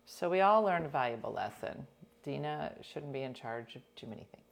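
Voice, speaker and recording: A woman's voice: a bass voice, animated, fairly quick, vocal fry, a little hiss or hum. A woman co-hosting a casual chat, telling stories about herself in a chatty, self-mocking way.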